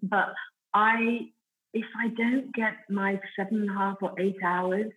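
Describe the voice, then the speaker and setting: A woman's voice: medium pitch, steady tone, a little slow, phone-quality sound. A middle-aged woman with an Italian accent, talking enthusiastically as a podcast guest, with lots of fillers and restarts. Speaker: guest, food company founder. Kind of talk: casual podcast interview.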